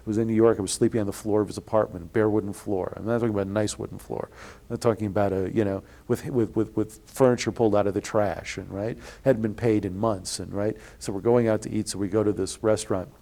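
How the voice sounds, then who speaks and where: A man's voice: on the low side, steady tone, quick pace, gravelly. A man interviewed about his experiences, telling long rambling stories with many restarts and an indignant edge. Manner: rambling, restarts often, acts out quoted people loudly. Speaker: interviewee, blogger. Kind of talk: storytelling in an interview.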